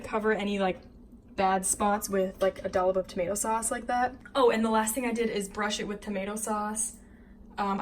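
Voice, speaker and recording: A woman's voice: mid-range voice, slight background noise. A young woman co-hosting a food channel, talking casually through a recipe with lots of fillers and giggles. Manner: chatty, filler-heavy, giggly. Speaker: co-host. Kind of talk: casual cooking vlog narration.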